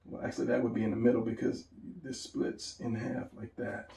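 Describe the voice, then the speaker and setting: A man's voice: medium pitch, huge pitch swings, fairly quick, creaky, dark tone. A man giving a casual drawing lesson, rambling and talking to himself as he sketches. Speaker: drawing instructor. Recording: echoey room, voice from a distance.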